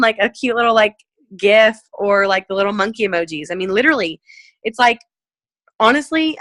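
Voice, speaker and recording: A woman leading a casual sales coaching talk over a video call, chatty and full of "like" and "you know," perking up when she acts out messages. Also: dry recording. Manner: animated, jumps up in pitch when acting out messages. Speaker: direct sales team leader. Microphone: video call mic.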